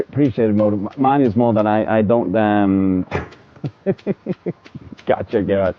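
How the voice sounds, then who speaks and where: A man's voice: on the low side, a little hiss or hum. A man streaming a game and chatting casually to his viewers, rambling, repeating words and laughing often. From from a country that uses military time. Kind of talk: casual livestream chat to viewers while gaming. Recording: dull, lo-fi stream audio.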